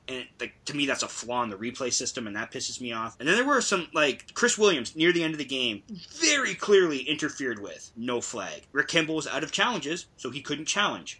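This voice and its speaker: A man with a sharp, forward tone and a husky edge, holding forth in casual sports chat. He rants, swears and stumbles over repeated words as he gets worked up. He talks like a podcast co-host. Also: medium pitch.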